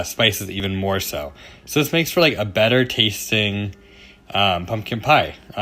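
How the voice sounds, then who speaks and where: A man's voice: lowish voice, fairly bright tone. A young man hosting a casual home cooking demonstration, chatty and self-deprecating, with loose fillers and asides as he works. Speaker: cooking show host. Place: home kitchen.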